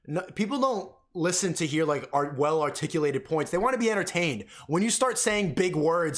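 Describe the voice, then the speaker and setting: Young male streamer, high bouncy voice, profane, mocking rants. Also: expressive, normal speed, hardly any pauses. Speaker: live streamer. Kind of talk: stream reaction rant.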